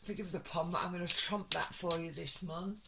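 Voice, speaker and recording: A woman's voice: lowish voice, steady tone, normal speed, gravelly. A woman giving a casual tarot reading, chatting and talking to herself as she lays out the cards. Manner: chatty, talks to herself while laying out cards. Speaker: tarot reader. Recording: loud background noise with card shuffling.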